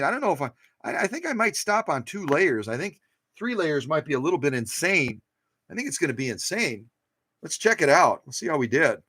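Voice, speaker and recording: Restoring and demonstrating vintage sewing machines in his home workshop, a man hosts a casual, joking session, cheering on the machine and the camera. His fairly high voice sounds sharp and husky. It is captured in a dry recording.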